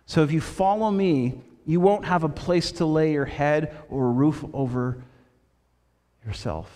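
Pastor guy preaching, a bit high-pitched, big echoey hall, storytelling, goes quiet for the quotes. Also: normal speed. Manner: storytelling with quoted voices, shifting between loud and hushed. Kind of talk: sermon.

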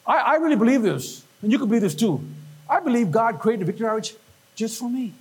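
A man preaching a lively sermon, animated and quick to act out voices and quoted lines. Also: very high voice, husky. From Northern California. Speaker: pastor.

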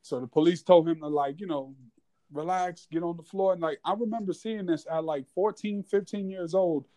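A young man from New York, hosting a casual chat and telling a story in a relaxed way, with many "like"s. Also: fairly high pitch, normal speed. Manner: laid-back, filler-heavy, many "like"s. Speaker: host.

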